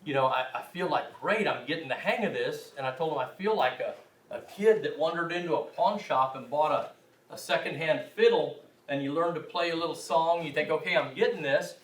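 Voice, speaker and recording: A man's voice: a little high, a little fast. A man giving a language class lecture, rambling and self-deprecating, with frequent restarts. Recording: echoey room, mic far off.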